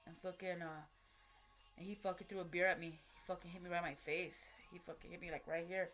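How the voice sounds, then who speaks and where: A woman's voice: on the low side, little pitch movement, fast, a bit bright, soft background music. A woman telling a personal story to camera, blunt and profane, in street slang with lots of fillers. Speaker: vlogger.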